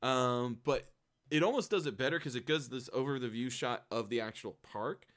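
A man's voice: medium pitch, normal speed, a bit bright, dry recording, clean studio sound. A man casually retelling a movie plot in a rambling way, full of ums and the odd swear.

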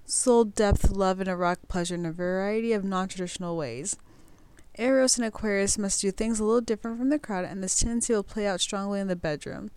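A young woman chats casually as she reads astrology notes aloud, often stumbling over words and cursing offhandedly. Her voice is smooth and clear, and the sound is dry and close with no room echo. She sits at a mid pitch for a woman. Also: a little fast, darkish tone. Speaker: podcast host.

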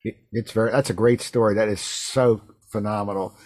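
A man hosting a faith radio interview, telling a personal story in a halting way with many repeated words and restarts. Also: on the low side, steady tone, darkish tone, no echo, clean studio sound. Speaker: radio show host.

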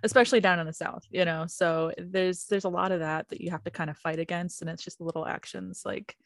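A woman's voice: lowish voice, steady tone, a little fast, gravelly, no room sound. A woman from North Carolina, chatting easily as a podcast guest and laughing often. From North Carolina, USA. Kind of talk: casual chat.

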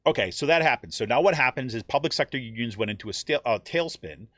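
A man's voice: mid-range voice, fast, dry recording. A man, a teacher and union member, explaining things in a conversational way and often checking in with "right?". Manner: conversational, frequent "right?" check-ins, animated quoting. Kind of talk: explanatory talk.

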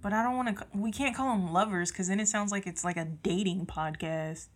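A woman from California co-hosting a podcast in casual chat, with a Southern country twang that slips into her speech; lively, profane and quick to laugh. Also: medium pitch. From San Jose, California. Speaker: podcast co-host.

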